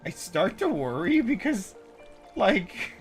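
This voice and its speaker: A man's voice: sits high, big pitch swings, slow, faint music behind. A man streaming and chatting casually while tired, his voice crackly as he rambles with many fillers.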